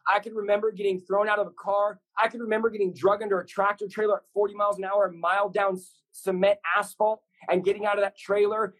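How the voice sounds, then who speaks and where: Guy preaching hard on a podcast, high husky voice, keeps hammering short lines over and over. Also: low-quality recording. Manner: intense, repetitive, builds lists of short punchy lines. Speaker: guest preacher. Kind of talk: fervent preaching in a podcast conversation.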